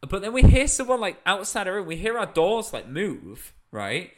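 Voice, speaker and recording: A young British man spins a comic anecdote in loose, chatty style. His pitch sits a touch high and swings widely as he acts out the scene. He keeps breaking into laughter between lines. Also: normal speed. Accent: British English. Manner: animated anecdote-telling with laughs. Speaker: comedian guest. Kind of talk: casual storytelling chat.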